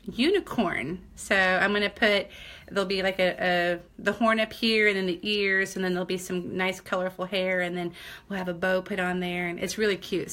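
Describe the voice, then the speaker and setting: An older woman with a Southern accent talks casually while she works on a craft live stream. Her voice is bright and forward, and she laughs often and greets viewers by name as she goes. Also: medium pitch.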